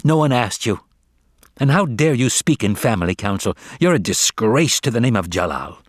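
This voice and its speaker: A man's voice: lowish voice, slow pace, no room sound, studio quality. A man voicing a haughty bullying big-brother cat who sneers and snaps. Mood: sneering. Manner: sneering, snapping.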